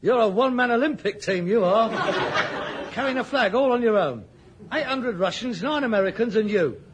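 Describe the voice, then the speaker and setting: An actor playing a snobbish, exasperated grown son in a vintage radio sitcom. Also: male voice, high voice, animated, normal speed, noisy background. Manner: pompous, exasperated, insulting.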